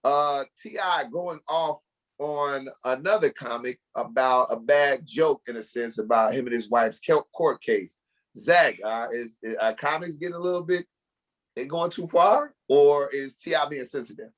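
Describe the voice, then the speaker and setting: A man's voice: medium pitch, a little slow. A man hosting a casual podcast chat, steering the talk and passing questions to the others. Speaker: podcast host.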